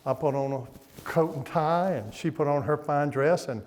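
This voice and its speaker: Older preacher guy, folksy stories, bit high voiced, echoey church hall. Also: normal speed, darkish tone. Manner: folksy storytelling with laughs. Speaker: guest preacher. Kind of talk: sermon. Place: church sanctuary.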